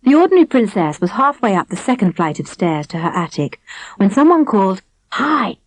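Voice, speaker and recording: A woman narrating a children's storybook audiobook in an expressive reading voice, close to the mic. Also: medium pitch, fairly quick, no room sound, rough recording.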